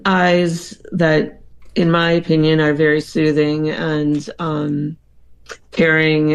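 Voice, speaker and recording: A podcast guest recounts a dream casually, telling it in a loose, halting way and leaning on "um" and "like" as the thoughts come together. The pitch stays level and flat, with a gravelly vocal fry underneath.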